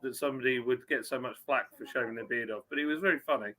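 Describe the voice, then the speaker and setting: Bright-voiced chatty man. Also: medium pitch, fast talker. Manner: chatty, reads out viewer names. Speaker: live stream host. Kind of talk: casual live chat.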